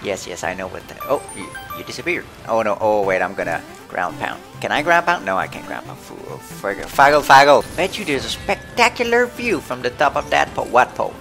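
A young man giving jokey, excitable commentary while playing a video game. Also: mid-range voice, a little fast, gravelly, few pauses. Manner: excitable, jokey, yelps and laughs. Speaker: let's play gamer. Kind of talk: casual gameplay commentary. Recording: game music loud under the voice.

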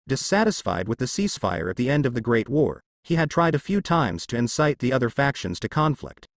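A man narrating a fanfic story in a steady storytelling way. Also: medium pitch, brisk, no room sound, clean studio sound. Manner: steady storytelling, lively intonation. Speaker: reader.

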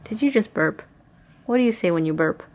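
A woman's voice: on the low side, lively intonation, a little fast. A young woman, a mother vlogging casually to a handheld camera at home, rambling with lots of "like" and "um". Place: family home at night.

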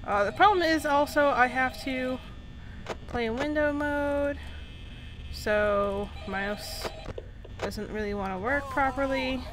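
A woman's voice: high-pitched, slow pace, background noise. A young adult woman commentating a horror game, jumpy and nervous, babbling and swearing constantly. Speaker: gaming channel host.

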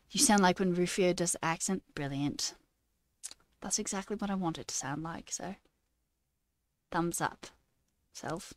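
Her medium-pitched voice has a darkish tone and no room sound. On her live stream, this woman, a livestreamer and new software engineer, reads chat out loud in a playful fake British accent, laughing frequently.

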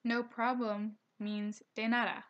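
A young woman narrating a recorded slideshow language lesson, reading each slide aloud at a steady pace and slowing down for pronunciation notes. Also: fairly high pitch, dull audio. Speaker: teacher.

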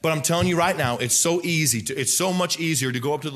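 A man in his thirties, a pastor preaching a lively sermon who acts out people's voices and raises his voice to a shout for emphasis. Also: fairly high pitch, fast, hardly any pauses.

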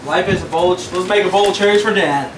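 A man's voice: high voice, quick pace. A young man joking around as co-host in casual chat, teasing and wisecracking. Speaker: co-host, son of the host. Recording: echoey room with noise.

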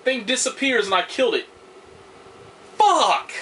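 A young man with a high, bright, sharp voice talks through a video game in a loose, rambling way. He grumbles and swears in frustration. Faint game sound hums behind him. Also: animated, moderate pace, slight background noise. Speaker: gameplay commentator. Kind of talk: casual let's-play commentary.

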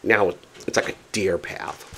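A man casually telling a story to camera, chatty and animated, often repeating himself for emphasis. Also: measured pace. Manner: excited, determined. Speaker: vlogger.

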